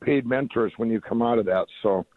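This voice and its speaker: A man's voice: medium pitch, fairly quick, no room sound. A middle-aged man being interviewed over the phone, rambling and enthusiastic, with lots of restarts. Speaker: guest. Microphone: phone line. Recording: tinny dry phone line.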